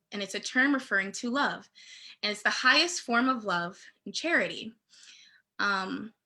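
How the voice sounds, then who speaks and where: A woman guest speaking earnestly and haltingly about faith and love on a video call. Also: fairly high pitch, sharp tone. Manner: earnest, halting, grows tearful. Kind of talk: heartfelt faith talk.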